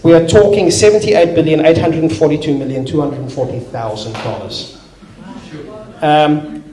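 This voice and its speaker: Animated male preacher, echoey hall. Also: a little high. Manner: animated storyteller acting out little scenes, with some restarts. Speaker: pastor. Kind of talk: sermon. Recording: echoey hall, faint noise.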